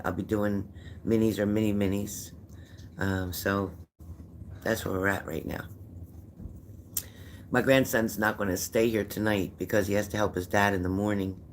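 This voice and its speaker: An older man with a somewhat low voice chats loosely to his livestream viewers, rambling and greeting them by name. He sounds worn out. A faint hiss of noise sits under his voice. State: tired. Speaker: psychic livestream host. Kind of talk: casual livestream chat reading viewer comments.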